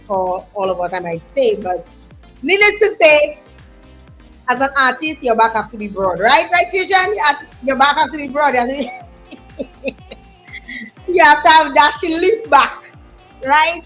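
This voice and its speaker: A woman with a Dominican accent hosts a live online show, talking in a bright, animated, chatty way. Her voice sits a little high. Soft music plays faintly behind her. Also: unhurried, long pauses. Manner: animated, chatty, greets viewers, island slang. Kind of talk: lively live-stream chat.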